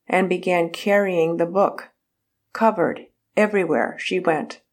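A woman narrating a biographical book in a measured reading voice, saying the quotation marks aloud. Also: lowish voice, a little mellow.

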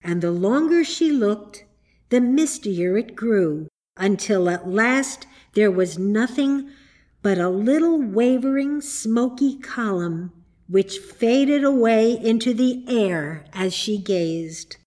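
A woman reading a children's storybook aloud, slow and expressive. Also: mid-range voice. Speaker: narrator.

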